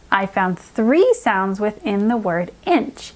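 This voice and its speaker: A woman who is a reading specialist teaching a children's phonics lesson, sounding out letters slowly and clearly. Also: medium pitch, sing-song, darkish tone.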